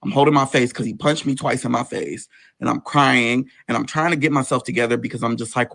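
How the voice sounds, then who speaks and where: A man's voice: a little fast, gravelly, fairly bright tone. A man guest telling an emotional personal story, intense and swearing as it builds. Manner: intense, swearing, rising pitch in tense moments.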